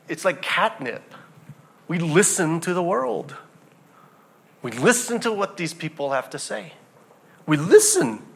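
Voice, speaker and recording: A male preacher delivering a sermon in an impassioned, emphatic way, swinging between quiet reflection and loud emphasis. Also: fairly high pitch.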